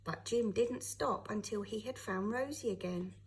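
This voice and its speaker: A woman, a teacher, reading a children's novel aloud with expressive storytelling. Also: mid-range voice, moderate pace, poor audio.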